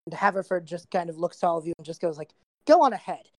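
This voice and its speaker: A woman narrating a tabletop game as game master, relaxed and chatty, slightly losing her voice. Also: fairly low pitch, rapid-fire, no room sound. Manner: relaxed narration with frequent fillers and laughs.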